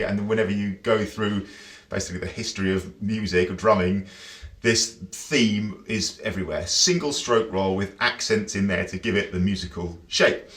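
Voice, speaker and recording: A chatty man gives a drum lesson from a room that rings with a roomy echo. His voice sits low, and he counts beats and scats rhythms as he explains. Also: fairly bright tone. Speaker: drum teacher. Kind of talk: casual instructional talk.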